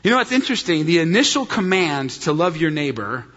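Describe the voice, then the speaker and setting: A middle-aged man preaching a sermon as pastor, telling a story with animated jokes. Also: fairly high pitch, brisk. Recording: dull sound in a hall with long reverb.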